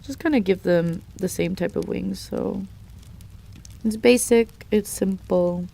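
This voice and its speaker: A woman's voice: mid-range voice, slow, gravelly, dark tone. A young woman chatting casually on a live stream while she draws, playfully reading and answering chat messages. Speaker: art streamer.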